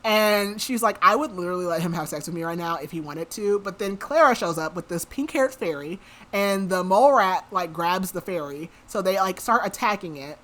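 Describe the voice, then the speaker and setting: A woman's voice: on the low side, expressive, a little fast, fairly bright tone. A woman podcast host casually retelling a novel's plot, quoting the characters in her own everyday voice with lots of "like.". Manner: chatty, quotes characters in her own voice, frequent "like". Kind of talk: casual book recap.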